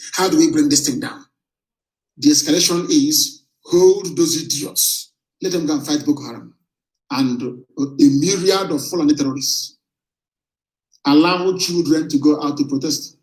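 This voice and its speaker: A man giving a fiery, defiant broadcast address as a movement leader. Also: on the high side. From southeastern Nigeria. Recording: roomy echo.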